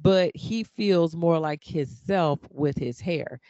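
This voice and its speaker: A woman's voice: low voice, slow pace, warm tone, no echo. A woman co-hosting a casual chat, talking emphatically and often checking in with "right?" as she makes her points. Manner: emphatic, conversational, checks in with listener. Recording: dull lo-fi dry sound.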